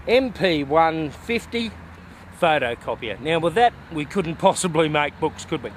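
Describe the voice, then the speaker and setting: Australian male vlogger, slightly high voice, folksy and rambling, recorded outdoors with faint traffic hiss. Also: animated, a little slow. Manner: folksy and rambling, with bush slang. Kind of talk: casual walking vlog. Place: outdoors in the bush by a road.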